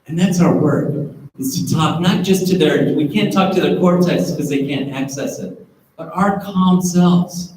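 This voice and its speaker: A man with a slightly higher-pitched voice gives a friendly, conversational workshop talk to parents in a school auditorium. He keeps checking in with the room as he goes. The sound is very echoey and picked up from far away, with a faint hum underneath. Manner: relaxed, often checks in with the audience with "right?". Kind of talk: conversational lecture to an audience.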